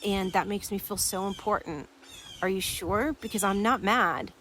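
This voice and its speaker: A woman's voice: medium pitch, moderate pace, a little hiss or hum. A woman hosting a podcast, telling a story and acting out what each person said. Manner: animated storytelling, acting out quoted dialogue. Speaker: podcast host. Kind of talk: storytelling to listeners.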